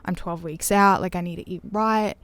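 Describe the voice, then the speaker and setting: A woman with a voice on the low side speaks at a moderate pace as a podcast guest, chatting casually and telling a story in which she animatedly acts out others' quotes. She's in a caravan music studio, and no room sound is audible.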